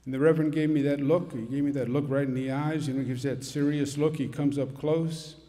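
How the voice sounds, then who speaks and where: A middle-aged man with a rather high voice tells a lively, humorous story to a congregation. He speaks in a big church, his words ringing with long reverb. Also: fairly quick. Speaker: politician giving a speech. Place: large church. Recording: long echo of a church hall.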